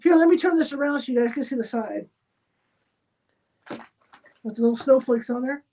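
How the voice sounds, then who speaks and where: A woman with a fairly high voice hosts a casual live stream from a spare room at home. She talks her way through each step of a craft project, often half-muttering to herself. The recording sounds dull and lo-fi. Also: moderate pace, warm tone. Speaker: livestream host. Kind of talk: casual running commentary while crafting. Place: spare bedroom at home used as a studio. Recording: dull lo-fi sound with faint noise.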